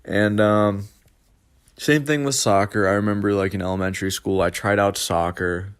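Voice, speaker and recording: A man's voice: on the low side, steady tone, moderate pace, clean tone. A young man casually telling stories from his childhood as a podcast host, rambling and swearing, with many fillers and restarts. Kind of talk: casual storytelling.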